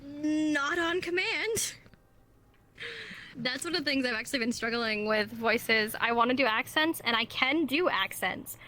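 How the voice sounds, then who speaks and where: Female streamer guest, bright higher voice, candid and chatty. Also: unhurried, slight background noise. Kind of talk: casual streamed interview chat.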